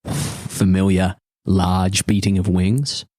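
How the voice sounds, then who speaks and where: A man's voice: sits low, little pitch movement, slow pace, dark tone, dry recording, studio quality. A man narrating as game master of a tabletop game, casual and joking, often restarting his sentences.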